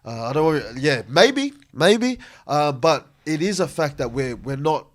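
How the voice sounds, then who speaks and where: A man from Sydney chats on a podcast with a fairly high, lively voice. He explains things eagerly, with plenty of examples and laughter. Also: a little slow. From Sydney, Australia. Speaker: podcast co-host giving speaking tips. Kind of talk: casual podcast chat.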